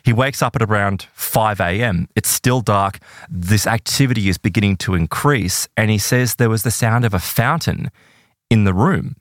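A man telling an eerie true story in a casual podcast chat, animated and full of "right?" and "like". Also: on the low side, moderate pace, no echo, studio quality.

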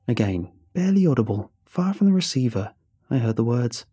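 A man narrates a first-person horror story with a dark, mellow tone and a husky edge to his voice. He keeps the delivery measured and suspenseful, letting the tension build line by line. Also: medium pitch, very animated, dry recording, studio quality.

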